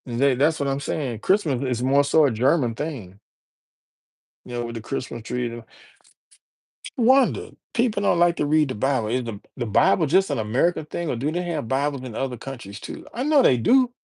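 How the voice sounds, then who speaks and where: A man from Alabama, chatting casually on a livestream and shouting out viewers by name. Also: mid-range voice, big pitch swings, normal speed, vocal fry, no echo. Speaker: livestreamer and rapper. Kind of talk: casual live-stream chat.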